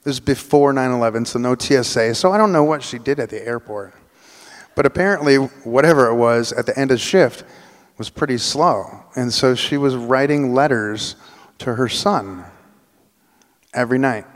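A man telling a personal story on stage, animated, acting out the voices of people in it. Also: medium pitch, normal speed. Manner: animated, acts out quoted voices. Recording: long hall reverb.

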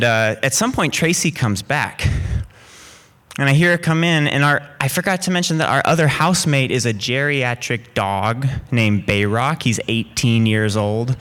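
A man telling an animated personal story in a lively, rambling way, full of vivid asides. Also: mid-range voice, smooth.

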